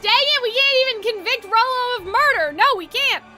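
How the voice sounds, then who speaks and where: A young woman streaming a story game, reacting in an animated, blunt way and swearing freely. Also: very high-pitched, a little fast, music in the background.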